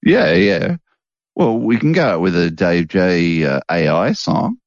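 A man's voice: deep voice, very animated, measured pace, no echo, dull audio. A man hosting a rambling, casual late-night chat at home, chuckling often. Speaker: podcast host.

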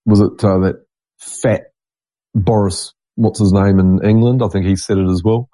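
A man's voice: on the low side, fairly even intonation, moderate pace, warm tone, no echo. A middle-aged man, a podcast host talking in a rambling, blunt, digressive monologue. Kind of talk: casual monologue.

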